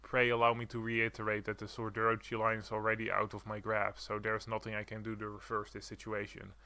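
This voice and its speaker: Man voicing a formal noble mouse, squeaky interjections, stiff old-fashioned speech, low voice, forceful tone. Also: monotone, a little fast, no echo. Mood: solemn. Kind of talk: reading game dialogue aloud.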